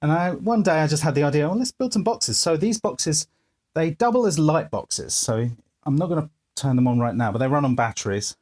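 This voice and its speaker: A man's voice: on the high side, fairly quick, darkish tone. Man chatting through a studio tour. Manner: chatty, explaining gear step by step. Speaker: musician giving a studio tour. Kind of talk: casual walkthrough. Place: band's music studio, indoors.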